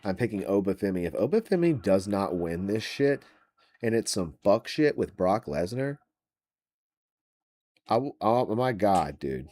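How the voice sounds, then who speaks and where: A man's voice: on the low side, sing-song, a little slow, darkish tone. A man hosting a wrestling podcast, ranting about match predictions in a profane, exasperated way.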